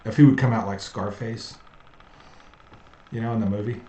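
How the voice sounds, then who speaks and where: A man's voice: on the low side, fairly even intonation, normal speed, mellow. A man co-hosting a casual talk stream, reading news and riffing in a wry, rambling way. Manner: wry, rambling, laughs at own jokes. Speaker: podcast co-host. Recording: roomy with faint noise.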